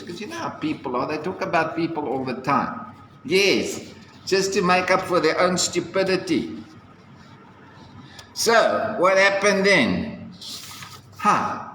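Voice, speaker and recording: A slow-paced man retells a fairy tale in a bright voice. He keeps breaking off for chatty asides and playful sound effects. The sound has a long, echoey hall reverb with faint ambience behind it. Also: on the high side, expressive, slight background noise. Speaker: storyteller.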